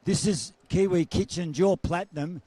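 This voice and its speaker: A jovial man with a fairly high voice roams a trade night as host. He jokes and chats easily with each exhibitor, and his voice is wearing thin from a long evening. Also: normal speed, dark tone, no echo. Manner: jovial, chatty, joking. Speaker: roving event host. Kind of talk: casual roving interview. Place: trade show floor.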